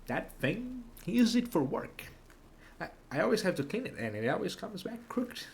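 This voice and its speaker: A man's voice: high voice, sing-song, moderate pace, vocal fry, voice pushed up, full character voice. A man voicing a fussy, complaining frontier wife in a raised voice in a game playthrough.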